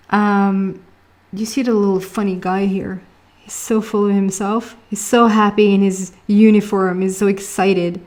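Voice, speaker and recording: A woman's voice: medium pitch, a little mellow. A woman with a Swedish accent giving a casual tarot reading, chatty, laughing often and searching for words. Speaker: tarot reader.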